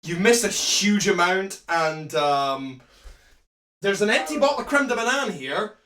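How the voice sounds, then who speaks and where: A man's voice: sits high, animated, unhurried, bright, forceful tone, far from the mic. A Scottish man in sweary, exclaiming banter with his co-host. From Scotland. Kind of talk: tipsy banter. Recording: echoey room, a bit off-mic.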